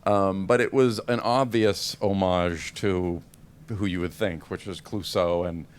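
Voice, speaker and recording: A man's voice: low voice, steady tone, measured pace, slight background noise. A man in his forties, a film actor answering audience questions with a self-deprecating, laughing manner. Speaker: actor guest. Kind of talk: press event Q&A.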